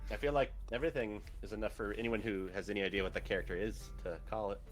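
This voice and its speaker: A man making quick, wry remarks in a casual podcast chat. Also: fairly low pitch, soft background music. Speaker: podcast co-host and player.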